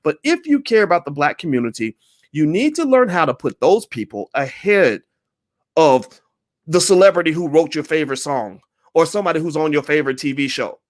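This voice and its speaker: A man delivering an emphatic opinion monologue as a commentator, repeating his points forcefully. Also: fairly high pitch, expressive, a little fast.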